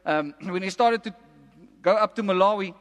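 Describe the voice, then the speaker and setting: Male preacher, high tenor, emphatic sermon delivery, church-hall reverb. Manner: emphatic, repeats lines slowly for effect. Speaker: pastor. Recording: long reverb of a large hall.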